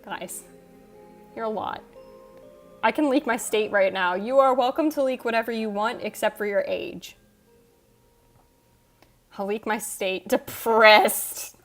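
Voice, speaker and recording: A woman hosting a casual livestream, reading chat aloud and teasing viewers with frequent laughs. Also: fairly high pitch. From United States. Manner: teasing, quick, laughs often. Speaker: livestream host. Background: soft background music.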